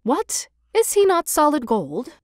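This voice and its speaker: A woman's voice: fairly high pitch, big pitch swings, moderate pace, no room sound, studio quality. A woman voicing a vain, fussy little male swallow who chatters and gets straight to the point. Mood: startled.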